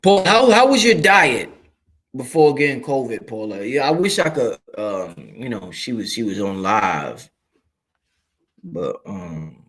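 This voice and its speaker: A man's voice: medium pitch, measured pace. A man from Brooklyn, New York hosting a casual livestream, talking loosely and profanely while reading and answering viewer chat. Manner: animated, profane, streetwise, addresses viewers directly.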